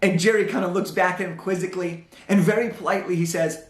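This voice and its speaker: High-voiced young man telling a story. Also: a little fast, reverberant. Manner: animated storyteller, acts out dialogue. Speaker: motivational speaker. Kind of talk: storytelling talk on stage.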